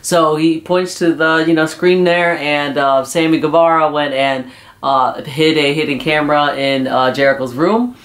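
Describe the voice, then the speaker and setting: A man's voice: a little high, steady tone, moderate pace, a bit bright. A man casually recapping a wrestling episode, rambling with lots of "uh" and "you know.". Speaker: wrestling show reviewer.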